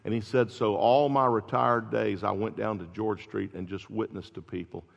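Gravelly preacher in a large echoing hall. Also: male voice, on the low side, moderate pace. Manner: animated storytelling, builds to loud peaks then drops soft. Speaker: pastor. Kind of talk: sermon. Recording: dull lo-fi recording in a large reverberant hall.

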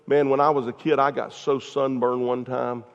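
A man's voice: mid-range voice, level tone, moderate pace. A man preaching a sermon in a folksy, conversational way, talking straight to his congregation with frequent asides. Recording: echoey hall, dull lo-fi sound.

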